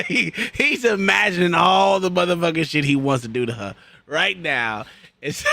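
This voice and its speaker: A man giving crude, loud reaction commentary, laughing and mock-quoting people in a profane, animated way. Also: sits high, normal speed, gravelly. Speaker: reaction streamer.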